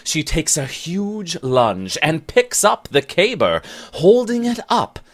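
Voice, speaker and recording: A man narrating a comic rhyming ballad in a slow, storytelling way. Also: fairly high pitch, huge pitch swings.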